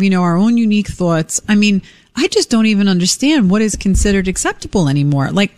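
A woman co-hosting talk radio, speaking emphatically and with exasperation in an opinionated chat. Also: on the high side.

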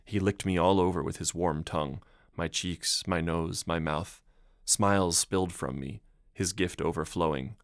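Deep-voiced male audiobook narrator. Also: moderate pace, no echo, studio quality. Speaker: narrator and translator.

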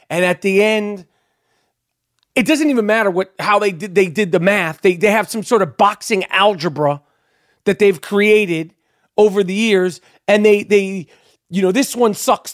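A man's voice: high voice, no room sound, studio quality. A middle-aged man hosting his own podcast, ranting in a rambling, profane way. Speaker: podcast host. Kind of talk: casual ranting monologue.

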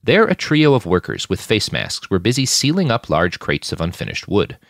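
A man hosting a fiction podcast, reading his own story aloud with expressive scripted narration. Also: fairly low pitch, moderate pace, dry recording, studio quality. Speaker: podcast host and fiction author.

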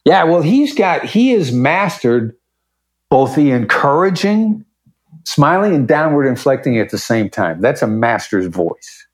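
A man's voice: mid-range voice, very animated, a little slow, breathy edge. A man being interviewed as a negotiation expert, talking in a confident, emphatic way and acting out short examples as he explains. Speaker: podcast guest, negotiation expert. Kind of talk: conversational interview.

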